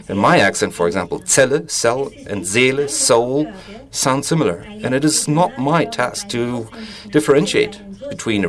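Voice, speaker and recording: A man, an author, giving a reflective spoken essay in a deliberate, musing way with small restarts. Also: medium pitch. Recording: audience noise in the room.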